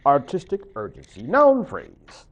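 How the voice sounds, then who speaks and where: A man's voice: a little high, huge pitch swings, measured pace. A man speaking as a college professor in a recorded lecture, chatty and full of joking asides.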